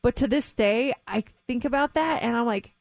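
A woman co-hosting a radio show, telling stories and reading news items in a chatty, lively way. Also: on the high side, moderate pace, gravelly, dry recording. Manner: chatty storyteller, animated. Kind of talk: casual radio chat and news segment. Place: radio studio. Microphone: studio mic.

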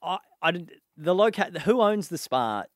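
A man's voice: sits high, sing-song, moderate pace, a bit bright, no room sound. A man with a New Zealand accent, a radio producer speaking in a wry, matter-of-fact way in a studio. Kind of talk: casual radio banter.

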